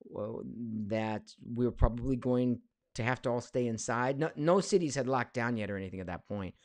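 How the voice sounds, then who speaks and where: A man's voice: medium pitch, normal speed, darkish tone, no room sound. A man in his forties, a voice actor, chatting casually on a live stream from his home studio, reading viewer questions aloud with lots of fillers. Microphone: studio mic.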